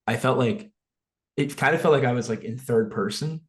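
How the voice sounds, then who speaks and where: A man's voice: medium pitch, normal speed. Young jersey guy rambling on a video call, lots of likes and ums, swears a bunch. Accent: New Jersey. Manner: rambling, filler-heavy, frequent swearing. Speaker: guest. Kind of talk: casual podcast chat.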